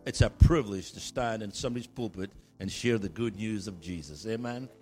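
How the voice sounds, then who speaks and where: A man's voice: fairly low pitch, fairly quick, a little mellow, faint music behind. A man preaching as a guest in a church, jokey and rousing, calling for amens. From Scotland. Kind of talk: sermon.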